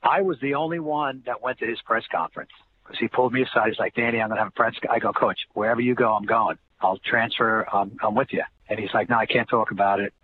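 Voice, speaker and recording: Older New guy, animated storyteller acting out old conversations, tinny phone-line sound, faint hiss. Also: lowish voice, quick pace. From New Jersey. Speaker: interview guest, former college basketball player. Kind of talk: casual storytelling interview.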